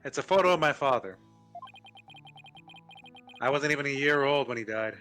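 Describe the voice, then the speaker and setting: Man reads a sincere young attorney, crisp and bright. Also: mid-range voice, lively intonation, normal speed, faint music behind. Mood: earnest.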